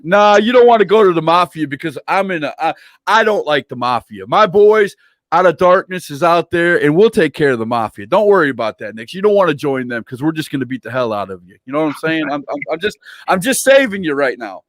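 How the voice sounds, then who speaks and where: A man's voice: fairly high pitch, big pitch swings, fairly quick, dry recording, studio quality. Teasing man hosting a stream. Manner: playful, teasing, reads viewer comments aloud. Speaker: interview host. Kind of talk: casual livestream interview.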